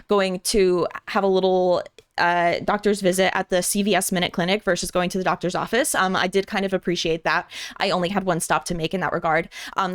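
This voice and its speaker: A woman streamer telling a story casually to her chat, animated, repeating words and acting out what others said. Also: medium pitch, no room sound, clean studio sound. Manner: animated, restarts and repeats words, acts out quotes.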